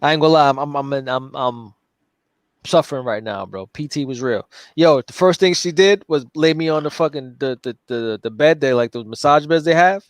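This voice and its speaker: A man co-hosting a casual livestream chat, telling stories in an animated, profane way. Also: medium pitch, a little fast, dry recording. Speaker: co-host and comic creator.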